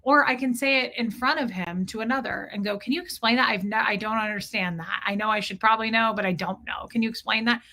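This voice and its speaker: A middle-aged woman talks straight to her live-stream viewers, reading their comments and answering them. Her voice is bright and a touch high, and she is frank, animated and quick to swear. She mocks an old put-down by repeating it in a sneering voice.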